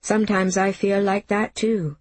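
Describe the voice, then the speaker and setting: A woman voicing a calm, protective adult woman guardian in an audiobook, speaking low, soothing and steady. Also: normal speed, dry recording, lightly acted. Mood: gentle. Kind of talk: audiobook character voice.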